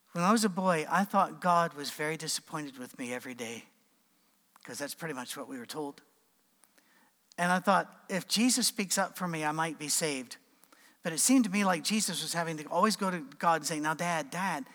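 A man preaching an informal sermon, conversational with animated asides and acted quotes. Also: on the high side, big-room sound.

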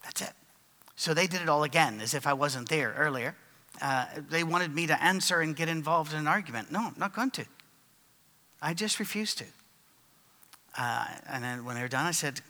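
A man's voice: a little high, fast talker, bright, forceful tone, long reverb tail. A man preaching and answering written questions from the audience, in a conversational storytelling way with fillers and restarts.

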